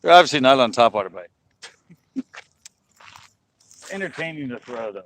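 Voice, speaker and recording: A man's voice: medium pitch, very animated, moderate pace, a bit bright. A man hosting a fishing livestream outdoors at a lake, chatting casually into his phone and laughing often. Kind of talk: casual chat while fishing. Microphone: phone camera.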